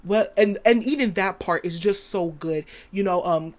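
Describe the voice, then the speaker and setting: A woman's voice: lowish voice, normal speed, hardly any pauses, darkish tone. Rambling woman podcast host. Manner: rambling, emphatic, quotes lyrics aloud. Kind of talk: casual opinion monologue.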